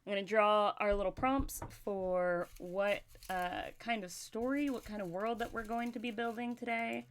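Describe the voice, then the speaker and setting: A woman hosting a casual livestream chat, talkative and quick to laugh, often talking to herself as she goes. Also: medium pitch, fairly even intonation, clear, resonant tone. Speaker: livestream host.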